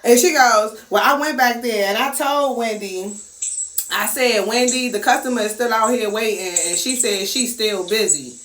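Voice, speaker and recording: A woman telling a casual story, acting out the voices of people in it with big swings in pitch. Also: moderate pace. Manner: animated, acts out quotes with big pitch swings. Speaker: storyteller host. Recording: echoey room with faint noise.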